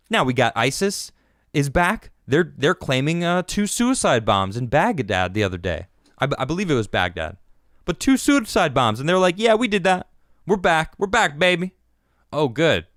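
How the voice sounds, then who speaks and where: A man's voice: medium pitch, very animated, moderate pace, fairly bright tone, dry recording, clean studio sound. A man hosting his own political commentary podcast, delivering a sarcastic, mocking rant. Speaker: podcast host.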